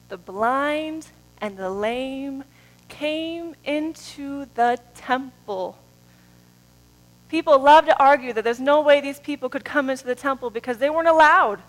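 High-voiced woman preaching with swinging intensity. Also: low-quality recording. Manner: dynamic preaching, swings from soft drawn-out words to loud rising calls. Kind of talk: sermon.

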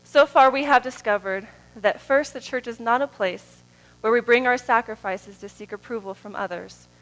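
High-voiced woman preaching with swinging intensity. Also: faint music behind, poor audio. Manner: dynamic preaching, swings from soft drawn-out words to loud rising calls. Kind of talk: sermon.

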